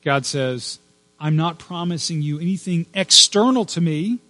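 A man preaching a sermon in an earnest, emphatic way, dropping to a hush at times. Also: a little high, animated. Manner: earnest, emphatic with hushed pauses. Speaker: pastor.

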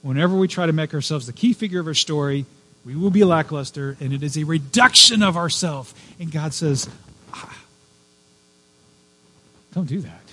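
A pastor preaches a sermon in a fairly high, bright, forceful voice at a fairly quick pace. He tells personal stories in a conversational, digressive way with casual asides, building to fervent emphasis on his main points.

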